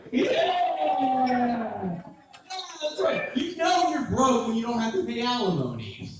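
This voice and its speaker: High-voiced shouting man, echoey from far. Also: very animated, takes it slowly, highs cut off, very noisy. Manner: rambling, loud, frequent shouting and laughing. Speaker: comedian. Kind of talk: improvised comedy rant. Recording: echoey room from far off, crowd behind.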